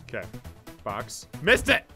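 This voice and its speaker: A let's play host giving excitable commentary, yelping and swearing at the game, talking to themselves and repeating words. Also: mid-range voice, takes it slowly. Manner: talks to self and the mic, repeats words. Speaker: gaming channel host. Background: game music.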